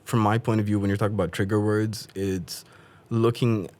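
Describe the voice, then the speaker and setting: A man whose first language is Dari, chatting quickly and animatedly as a podcast guest, often laughing. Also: lowish voice, flat delivery, a little mellow. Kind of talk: casual interview chat.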